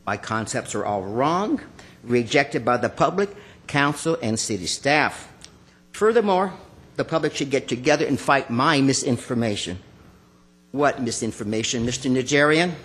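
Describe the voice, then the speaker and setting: A man's voice: mid-range voice, expressive, normal speed, a bit bright. A man giving public comment at a city council meeting, accusatory and confrontational, calling out officials by name from a podium microphone.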